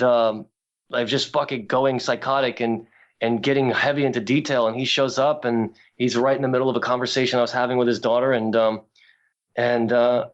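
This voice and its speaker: A man's voice: medium pitch, muffled recording. Profane rambling man telling stories. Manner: rambling, profane, animated anecdotes. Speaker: guest artist. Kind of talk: casual podcast storytelling.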